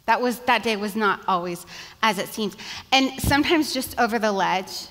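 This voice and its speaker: Chatty bright-voiced woman in a big hall. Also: mid-range voice, moderate pace. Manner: chatty and animated, lots of "like" and "you guys". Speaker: speaker at a church event, pastor's wife. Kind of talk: humorous storytelling talk to an audience. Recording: long hall reverb.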